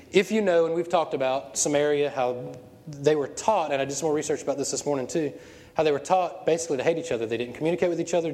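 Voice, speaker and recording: Animated laughing male pastor in a hall. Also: a little high. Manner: animated storytelling with frequent laughter. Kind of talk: sermon. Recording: long hall reverb.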